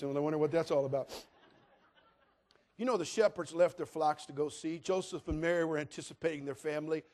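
An older man preaching a sermon in a church in an animated, joking, conversational way. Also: fairly high pitch, quick pace. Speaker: pastor.

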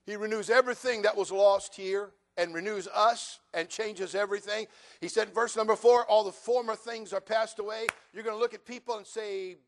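Preaching at a quick pace in a voice that sits high, this male pastor is animated and humorous, mimicking members of his congregation.

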